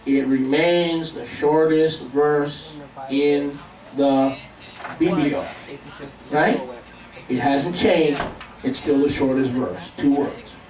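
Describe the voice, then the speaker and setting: A man's voice: a little high, fairly even intonation, slow, pauses often, a crowd in the background. A man preaching a sermon to a congregation, emphatic and calling for responses. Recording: echoey room, mic at a distance.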